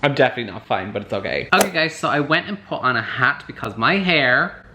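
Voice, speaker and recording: A man chatting excitedly at home for a book vlog, gushing about his reading. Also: medium pitch, fast talker, slight background noise. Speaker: book vlogger. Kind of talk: casual vlog chat. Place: at home, moving between rooms.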